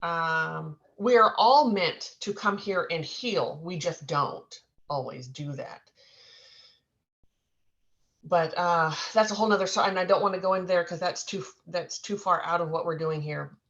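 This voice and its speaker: A woman psychic medium in casual spiritual talk, earnest and rambling with halting restarts. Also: on the low side, a bit bright, highs cut off.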